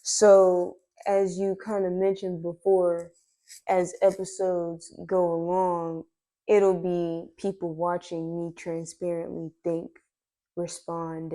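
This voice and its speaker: Slow, hesitant woman podcast host. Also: on the low side, dark tone. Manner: slow, hesitant, restarts and reflective. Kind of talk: casual chat. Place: indoor room, on a couch.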